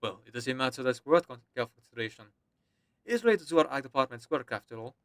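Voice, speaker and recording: A man voicing a calm, dryly patient older male official with a put-on French accent, reading game dialogue aloud. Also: medium pitch, racing, lightly acted. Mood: measured.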